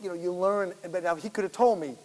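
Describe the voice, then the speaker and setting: Animated man telling stories in a hall. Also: sits high, quick pace. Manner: animated, rambling anecdotes, laughing and swearing. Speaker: guest actor. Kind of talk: storytelling in a public Q&A. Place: school auditorium. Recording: echoey hall with faint hiss.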